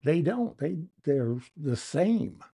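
A male Bible teacher works through scripture at an unhurried, measured pace. His voice sits a little high for a man, and he lands firmly on the words he wants to stress. He explains each verse step by step like a classroom lecture. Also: very animated, gravelly, warm tone, breathy edge. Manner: deliberate, explanatory, emphatic on key words.

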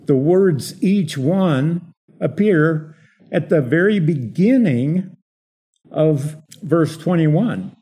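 Male pastor, sermon teaching; lively pitch, unhurried delivery, leans on rhetorical questions. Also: breathy edge. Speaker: preacher. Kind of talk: expository sermon.

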